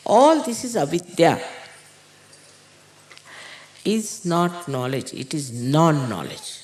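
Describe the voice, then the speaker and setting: A woman spiritual teacher giving an unhurried, halting spiritual talk to followers, with pauses and fillers. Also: fairly low pitch, expressive, a little mellow. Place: large indoor gathering hall. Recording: echoey hall recording.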